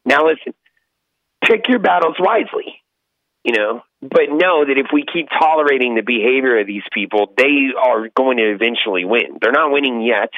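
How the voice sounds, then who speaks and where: A man's voice: medium pitch, expressive, moderate pace, no echo. A male podcast co-host talking politics and exhorting listeners in a preachy way, on dull lo-fi audio. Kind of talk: casual political talk.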